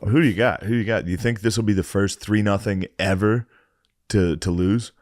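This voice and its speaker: Podcast co-host, man in his thirties, low voice, dry close sound, laughs and swears through his stories. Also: a little fast, a little mellow, dry recording. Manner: laughs often while telling stories, swears freely. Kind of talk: casual podcast chat.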